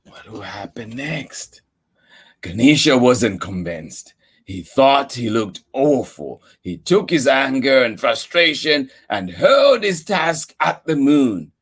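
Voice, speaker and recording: A man reading a picture book aloud to children, animated and often asking the listeners questions. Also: mid-range voice, takes it slowly, slightly rough. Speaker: storyteller.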